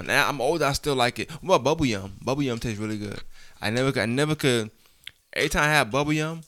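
Young dad hosting a home vlog, chats fast, teases and rambles. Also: male voice, mid-range voice, a bit bright. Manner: teasing, playful, rambling. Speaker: father and vlog host interviewing his kids. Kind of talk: casual family chat. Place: home, indoors.

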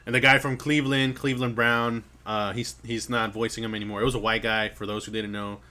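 A man's voice: medium pitch, little pitch movement, fairly quick, pushed and bright. A man talking in casual chat, hesitant and full of fillers, swearing casually as he thinks aloud.

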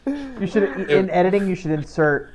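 A man's voice: high voice, sing-song, moderate pace, a crowd in the background. A man from Alabama, a podcast guest, making dry self-deprecating jokes in casual chat. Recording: dull lo-fi remote line.

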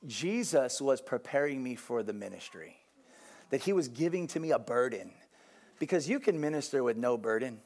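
A young adult man, a pastor, giving a conversational sermon, telling a personal story with lively asides to his congregation and frequent restarts. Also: medium pitch.

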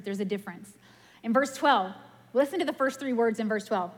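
A woman's voice: on the high side, brisk. Chatty woman preaching, reverberant hall. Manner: animated, chatty, laughs at herself. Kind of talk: casual sermon with stories.

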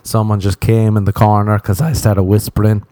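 A man's voice: fairly low pitch, little pitch movement, normal speed, dark tone, dry recording. A young man hosting a solo comedy podcast, rambling with crude jokes. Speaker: podcast host.

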